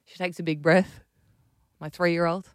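An Australian woman in her thirties hosting a breakfast radio show, telling a story with animated energy and frequent laughter. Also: fairly low pitch, measured pace, no room sound. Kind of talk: casual radio banter. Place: radio studio. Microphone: studio microphone.

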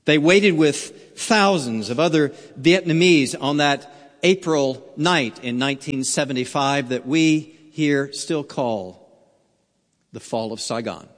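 Slow, earnest pastor with hall reverb. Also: male voice, a little high. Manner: slow, earnest storytelling with wide swings in loudness. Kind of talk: sermon.

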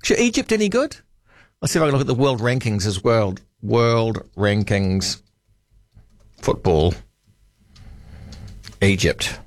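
A man's voice: lowish voice, lively intonation, unhurried, pauses often, no echo, studio quality. A man hosting a talkback radio show, chatting casually with callers and musing aloud between calls.

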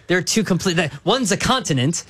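A man's voice: sits high, lively intonation, a little fast, fairly bright tone, slight background noise. A man co-hosting a sports radio show, insisting on his point with jokes and repeated denials. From American. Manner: argumentative, insistent, joking. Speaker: co-host. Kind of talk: casual sports radio banter.

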